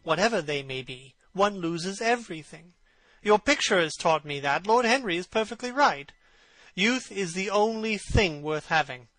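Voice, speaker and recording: A vain young man, voiced by a male reader, speaks passionately and pleadingly in a raised, bright voice. The recording is close and dry. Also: high-pitched, no echo, full character voice. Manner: impassioned, pleading.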